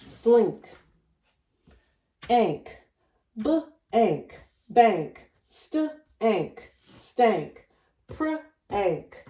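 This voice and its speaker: A woman teaching a phonics lesson, sounding out word chunks slowly and overemphasizing each sound. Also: mid-range voice, very animated, dark tone. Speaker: reading teacher. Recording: echoey room, voice a bit far from the mic.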